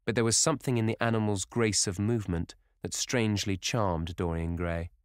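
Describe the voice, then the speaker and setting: A man reading a classic novel aloud as an audiobook narrator, in a measured, even storytelling manner. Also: fairly low pitch, dry recording, clean studio sound.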